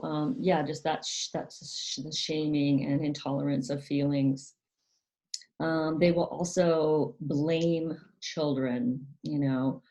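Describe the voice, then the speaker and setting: Low-voiced woman talking softly. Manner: soft-spoken, frequent ums, quotes parents in a higher, sharper voice. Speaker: channel host. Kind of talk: casual educational talk.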